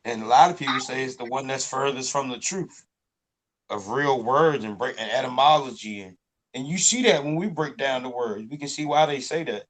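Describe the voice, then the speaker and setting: Pria bersuara sedang, santai bercerita. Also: male voice, medium pitch, moderate pace, low-quality recording. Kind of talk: casual chat.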